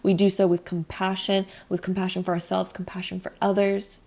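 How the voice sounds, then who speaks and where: A young woman giving a casual spiritual tarot card reading, gentle and rambling with many fillers. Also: medium pitch, little pitch movement, brisk.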